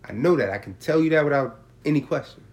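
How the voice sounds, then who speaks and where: A man in casual chat explaining his prices, talking in streetwise, profane slang and telling stories in an animated way. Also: fairly high pitch, quick pace. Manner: animated storytelling with acted-out quotes.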